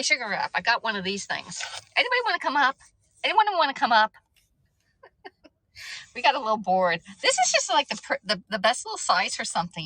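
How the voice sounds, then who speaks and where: Middle-aged woman hosting a casual live stream, chatty and self-mocking, bright voice, close dry mic. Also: medium pitch, no room sound, poor audio. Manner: chatty, laughs at herself, stumbles over words. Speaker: livestream host.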